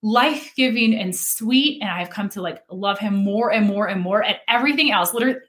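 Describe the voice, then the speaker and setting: Woman guest, mid-pitched, earnest testimony, casual and full of fillers. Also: brisk. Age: adult with children. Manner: earnest, with frequent fillers and soft laughs. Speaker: guest sharing her faith testimony. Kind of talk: casual faith talk.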